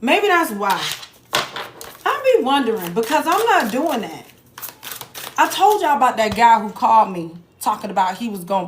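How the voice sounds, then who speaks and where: Blunt, joking woman reading tarot. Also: medium pitch. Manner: blunt, profane, joking asides. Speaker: tarot reader. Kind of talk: casual tarot reading to viewers. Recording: echoey room with faint noise.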